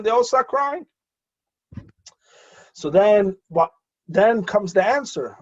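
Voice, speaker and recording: A rabbi telling a story in an animated way, pausing often with fillers and restarts, and acting out the voices of the people in it. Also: male voice, sits high, dull audio. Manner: hesitant with frequent fillers and restarts. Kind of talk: storytelling talk.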